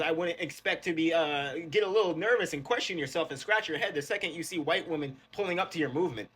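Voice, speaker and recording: A man's voice: on the high side, brisk, fairly bright tone, husky. A man preaching an impassioned religious rant, confrontational, swearing and hammering the same phrases again and again. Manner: confrontational, repetitive and profane.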